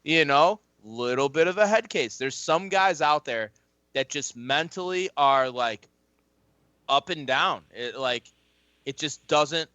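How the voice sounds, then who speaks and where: A man and former football player chatting casually as a podcast guest, rambling and swearing freely as he tells animated stories. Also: fairly high pitch, slow pace, no echo, lo-fi sound. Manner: rambling, profane, animated storytelling. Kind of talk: casual chat.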